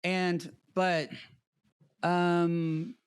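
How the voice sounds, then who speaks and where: A man's voice: high voice, level tone, very slow, clear, resonant tone, dry recording. A man co-hosting a podcast, giving blunt opinions in casual chat about a reality show. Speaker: podcast co-host.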